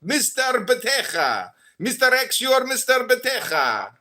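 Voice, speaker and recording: A man's voice: very high voice, wildly swooping pitch, measured pace, sharp tone. A man in a heated debate, taunting and insulting his opponent with accusations.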